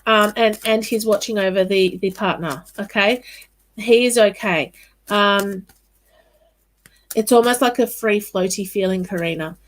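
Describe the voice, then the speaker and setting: Her medium-pitched voice, captured in a rough recording, carries a woman's live-stream psychic card readings. She stays casual and reassuring, frequently pausing with "um" and "all right" while naming the viewers she reads for.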